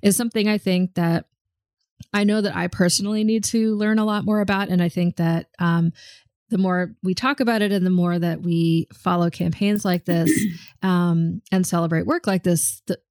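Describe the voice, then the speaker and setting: Gravelly-voiced woman, thoughtful chat. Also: fairly low pitch, steady tone, moderate pace, a little mellow, dry recording, studio quality. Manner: thoughtful, frequent ums and restarts. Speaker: podcast co-host. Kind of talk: casual conversational chat.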